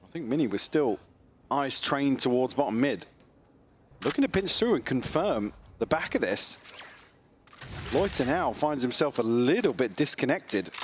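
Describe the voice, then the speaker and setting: A man's voice: medium pitch, big pitch swings. Analytical male esports co-caster. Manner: measured, analytical, quick laughs. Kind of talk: live esports analysis commentary. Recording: noisy live broadcast feed.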